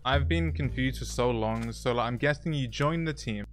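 A young man playing a video game, talking through it with excited, jokey, self-mocking commentary and short narrated asides. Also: mid-range voice, normal speed. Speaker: gaming YouTuber. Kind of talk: playthrough commentary with voice-over narration.

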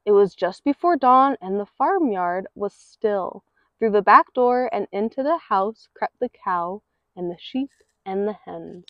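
A woman reading a picture book aloud in an expressive, rhythmic way. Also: medium pitch, a little slow, dry recording. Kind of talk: read-aloud storytelling. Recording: dull lo-fi recording.

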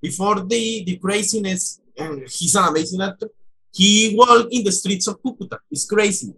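A man from Colombia, a Spanish speaker and interview host, chatting in halting English. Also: high-pitched, bright, forceful tone, breathy edge. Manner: halting second-language English. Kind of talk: casual interview chat.

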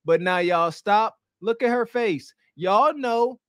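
A man co-hosting a reaction podcast, talking in an animated, slangy way and mimicking the people he reacts to. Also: high-pitched, slow, clean tone, no room sound, clean studio sound. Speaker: podcast co-host. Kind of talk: casual reaction commentary.

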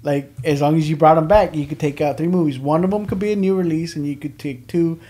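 A man's voice: fairly high pitch, fast, dark tone. A man, a comedian chatting on a podcast and telling stories in long, rambling runs full of restarts. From Houston area, Texas. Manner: rambling storyteller, heavy on "like" and restarts. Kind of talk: casual podcast chat.

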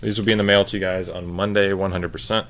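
Guy running a card break, kinda low but bright, calls out cards casual and chatty. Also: level tone, fast talker, slight background noise. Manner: casual, chatty, calling out cards as he opens packs. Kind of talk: live card break commentary.

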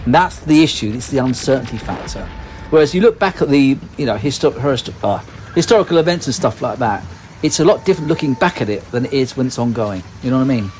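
A man's voice: medium pitch, lively intonation, fast, a little mellow, slight background noise, low-quality recording. A man co-hosting a podcast in casual chat, rambling and self-deprecating, with lots of fillers and restarts. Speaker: podcast co-host.

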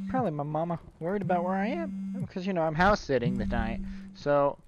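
Man, let's play commentary, joking, rambling, slightly high voice, noisy background. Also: lively intonation, a little fast. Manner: joking, rambling, self-mocking asides. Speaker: gaming video host.

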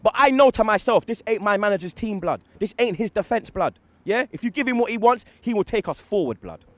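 A man's voice: sits high, animated, dry recording. A young man, heatedly ranting as a football fan after a match, emphatic and full of street slang. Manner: fast, emphatic, slang-heavy, repeats "blood" and "yeah". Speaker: football fan giving post-match reaction.

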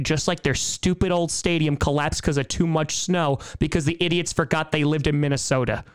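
A man's voice: on the high side, steady tone, moderate pace, hardly any pauses, smooth. Jokey man hosting a live stream chat. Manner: jokey, sarcastic, reads chat aloud and riffs on it.

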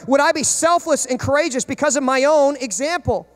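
A man's voice: very high voice, a little fast, hardly any pauses, fairly bright tone. A man in his thirties preaching a sermon as pastor, emphatic and full of rhetorical questions.

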